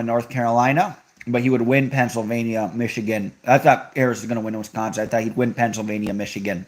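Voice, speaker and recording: A young man hosting a live stream, chatting casually and reacting to viewer comments with offhand sarcasm. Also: mid-range voice. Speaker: livestream host reading chat. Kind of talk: casual livestream chat.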